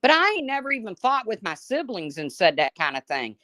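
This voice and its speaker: A middle-aged woman hosts a live chat in a mid-range, very animated voice that's brisk and sharp, captured in clean studio sound with no echo. She speaks bluntly and swears freely, reading viewers' names aloud between folksy stories.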